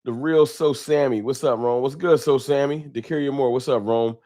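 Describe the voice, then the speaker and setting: Man, live-stream host, casual slang, shouts out viewers by name, desk mic at home. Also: mid-range voice, fairly even intonation, moderate pace. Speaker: livestream host. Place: home room with a wall sign. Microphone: desk microphone.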